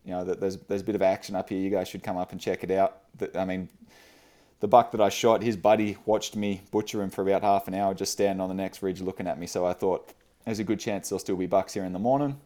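A man's voice: deep voice, steady tone, fast talker, mellow. A man, a guest on the show, telling a casual story with fillers and frequent laughs. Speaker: podcast guest.

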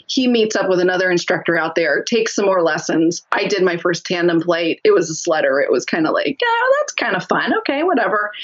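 A woman guest telling a lively story in a casual interview, laughing often as she talks. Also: on the low side, dull audio.

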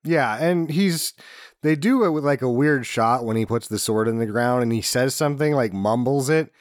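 A man's voice: mid-range voice, normal speed, dry recording. Sarcastic man on a dry podcast mic. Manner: dry, sarcastic, swears casually. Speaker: podcast co-host. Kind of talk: casual movie recap chat.

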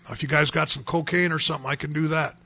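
A man's voice: fairly high pitch, steady tone, quick pace, gravelly, pushed and bright, breathy edge. A man from North Dakota telling his personal testimony in an earnest storytelling way that rises to emphatic bursts. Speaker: testimony speaker.

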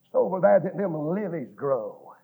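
A man preaching a fiery revival sermon, chanting and rising into shouted cries. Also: fairly high pitch, very animated, normal speed, vocal fry, husky. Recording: tinny phone-like lo-fi recording.

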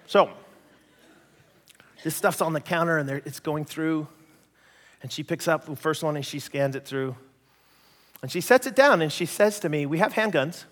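A Canadian man preaching a sermon, an animated storyteller who acts out voices and jokes at his own expense. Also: a little high, normal speed, long pauses, in a large hall. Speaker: pastor.

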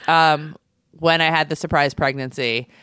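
A woman in her thirties talks candidly on a podcast, her thoughts spilling out with plenty of "like" fillers. Her voice sits low in pitch. The recording is dry and close, with no room around it. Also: steady tone, normal speed, a bit bright, clean tone, no echo. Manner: candid, rambling with many "like" fillers. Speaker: podcast co-host. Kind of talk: casual podcast chat.

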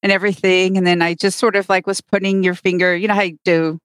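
A woman's voice: on the low side, little pitch movement, quick pace, clear, resonant tone, no echo, studio quality. A woman co-hosting a podcast, telling a rambling story in casual chat and acting out the lines of the people in it. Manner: rambling storyteller, acts out quotes. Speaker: podcast co-host.

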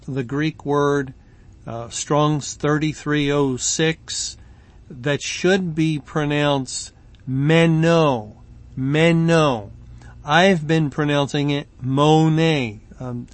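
A man teaching a Bible study, reading scripture and explaining it slowly with frequent pauses and fillers. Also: mid-range voice. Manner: slow and deliberate, with frequent ums and pauses.

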